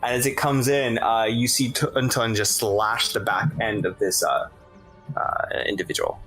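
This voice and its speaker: A man acting as game master in a tabletop role-playing game, narrating casually with many pauses and laughs. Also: medium pitch, steady tone, a bit bright, breathy edge, faint music behind, rough recording. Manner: casual, hesitant with fillers, laughs often.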